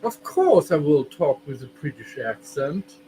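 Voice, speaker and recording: A man putting on a stiff English gentleman offering tea, in a mock-formal, exaggerated way. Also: on the high side, sing-song, a little slow. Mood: mock-posh. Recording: noisy stream audio.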